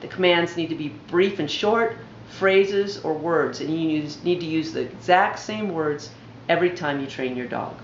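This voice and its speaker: A woman dog trainer calmly explaining, step by step, how to train a dog. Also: low-pitched, moderate pace, slight background noise. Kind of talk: instructional voice-over. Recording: roomy, dull lo-fi home video audio.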